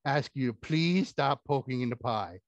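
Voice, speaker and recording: A man plays a prim, easily offended talking pie in a children's puppet show. It talks in a stiff, formal way and huffs with indignation. The voice swings lively and the sound is dry and close. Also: medium pitch, moderate pace, no room sound, highs cut off, close to an everyday voice. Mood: prim, indignant. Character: fussy talking pie, male, prim and touchy.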